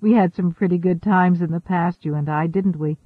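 A man reading the lines of a gentle, wise woman space traveler in an audiobook. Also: high-pitched, steady tone, normal speed, no echo. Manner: gentle, reasoning. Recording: thin phone-like dry audio.

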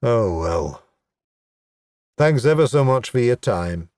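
A man's voice: mid-range voice, big pitch swings, slow pace, a little mellow, no echo. A man voicing a sly, scheming male goblin chieftain in a dry, sardonic, exasperated manner, recorded close and dry.

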